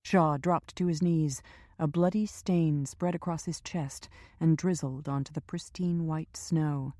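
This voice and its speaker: This scripted audiobook narration comes from a low-voiced woman whose storytelling stays measured and steady. The studio sound is clean, with no echo.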